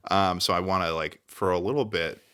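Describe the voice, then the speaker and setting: A young man with a very low voice that still has a bright, forward edge to it. He talks as a podcast guest in a loose, rambling way, poking fun at himself and swearing now and then. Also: fairly even intonation, fairly quick, smooth. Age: young adult. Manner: rambling, self-deprecating, swears casually. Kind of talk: casual podcast chat.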